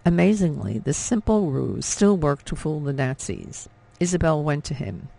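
A male audiobook narrator giving a measured, dramatic scripted reading. His voice is gravelly and sits a little high for a man. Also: big pitch swings, mellow.

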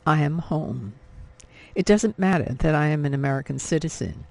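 A man narrating an audiobook in a measured, emotive reading. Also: fairly high pitch, expressive, gravelly, darkish tone, dry recording. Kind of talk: scripted narration.

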